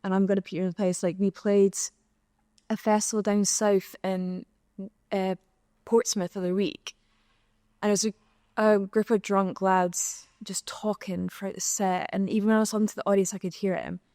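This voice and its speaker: A young Scottish woman, a singer appearing as a guest on a live podcast recorded at an arts venue, tells her stories candidly in a panel conversation and acts out the exchanges she quotes. Her voice is medium in pitch and a little mellow, with flat delivery at a normal speed. The sound is clean and studio-like, with no room echo.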